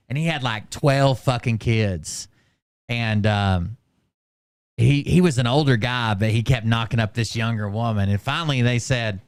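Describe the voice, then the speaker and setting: A man's voice: mid-range voice, smooth, dry recording, studio quality. Crude, rambling male streamer. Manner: crude, rambling anecdotes with profanity. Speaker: streamer reacting to videos. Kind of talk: casual live-stream commentary.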